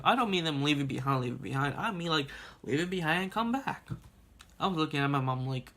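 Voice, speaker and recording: A young man telling a childhood story in a casual vlog, rambling and animated, laughing and swearing as he goes. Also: fairly high pitch, fast talker. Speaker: vlogger.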